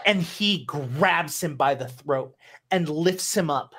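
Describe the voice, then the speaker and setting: A woman narrating a tabletop game as game master, unhurried and descriptive, with many fillers. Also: sits low, animated, fairly bright tone, slightly rough.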